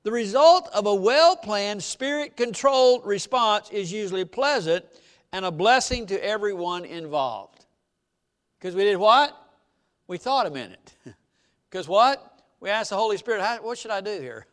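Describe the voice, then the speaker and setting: A man delivers a sermon in a church, his voice pitched high for a man. He preaches in a folksy, conversational way, tossing rhetorical questions at the congregation. His pitch leaps up and down all the way through. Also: animated, a little slow, a bit bright, clear, resonant tone. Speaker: pastor.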